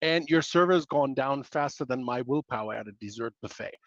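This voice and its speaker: A man's voice: mid-range voice, a little fast, dry recording, muffled recording. A man presenting a webinar in a playful way, packed with pop-culture analogies and self-mocking asides.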